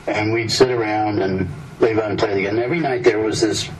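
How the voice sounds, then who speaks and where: Low-voiced man telling rambling stories. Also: fairly even intonation, brisk, hardly any pauses. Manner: meandering, self-interrupting, often breaks off mid-sentence; chuckles at his own stories. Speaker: storyteller. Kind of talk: rambling anecdotal storytelling. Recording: distant mic with clear background noise.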